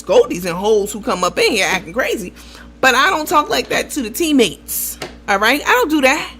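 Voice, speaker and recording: A woman with a somewhat high voice tells gossip in a lively, profane way, acting out the people she quotes. She talks casually as the host of her own show. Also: normal speed, husky.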